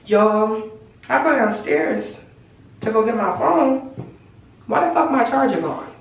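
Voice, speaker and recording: A woman's voice: on the high side, animated, measured pace, distant mic. Young woman telling a storytime, echoey. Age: young adult. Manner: casual slangy storytelling, acts out her own heated lines. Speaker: vlogger. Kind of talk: storytime vlog. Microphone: camera mic. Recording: echoey room, voice from the mic.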